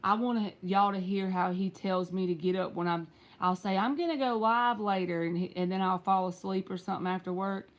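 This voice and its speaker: A woman's voice: medium pitch, fairly even intonation, fairly quick, few pauses. A Southern woman, likely in her thirties or forties, giving a casual tarot reading on a live stream at home and chatting straight to her viewers. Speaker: tarot reader.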